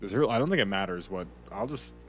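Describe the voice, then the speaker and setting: A young gaming streamer with a fairly low, expressive, slightly bright voice talks quickly while playing a video game, over soft background music. His commentary is casual and rambling; he cuts himself off and talks to a friend off-mic.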